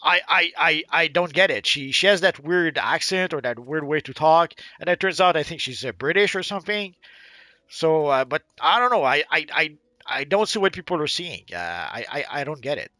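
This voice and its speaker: Guy cohosting a game stream, stumbles and repeats himself a lot, bright tone, dry sound. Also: fairly high pitch, animated, dry recording. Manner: halting, repeats words, trails off; blunt, opinionated. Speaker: co-host of a game livestream. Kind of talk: casual chat.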